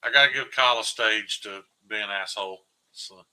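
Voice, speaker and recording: A man, a podcast guest joking in casual chat with deadpan irony. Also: lowish voice, fairly quick, rough recording.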